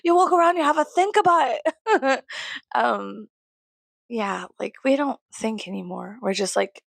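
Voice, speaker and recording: Young woman vlogger, rambling and profane, gravelly, dry close mic. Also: mid-range voice, no room sound. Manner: rambling, swearing, laughing often. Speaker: YouTuber. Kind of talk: rambling casual vlog.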